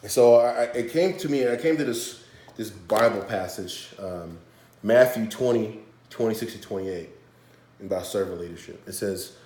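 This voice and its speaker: Halting, earnest man in an echoey room. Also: on the low side, mellow. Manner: halting, earnest, with many restarts. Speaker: presenter. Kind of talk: recorded presentation. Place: hotel room.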